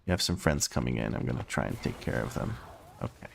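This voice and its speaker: Streaming a game from home, a man keeps up a casual, playful live chat, musing aloud and laughing often. His voice is extremely low, gravelly and animated, delivered at a quick pace over a little hiss or hum.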